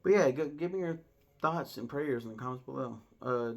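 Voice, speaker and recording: Casual male vlogger, thirties, gravelly mid-range voice, rambling, excitable food talk. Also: medium pitch, moderate pace. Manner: rambling, enthusiastic, many fillers and laughs. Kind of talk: casual vlog chat.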